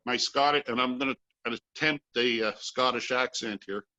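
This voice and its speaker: A man's voice: mid-range voice, fairly even intonation, normal speed, bright, forceful tone. A man from Canada, a guest storyteller, chuckling through a rambling personal anecdote for a live audience. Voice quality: chuckling, self-deprecating, rambling with restarts. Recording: dull lo-fi live recording.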